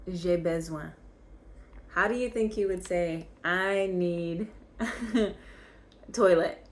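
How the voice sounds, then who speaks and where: A young woman teaching French speaks slowly in a medium-pitched voice. In this basic vocabulary lesson, she patiently repeats each word so learners can follow along.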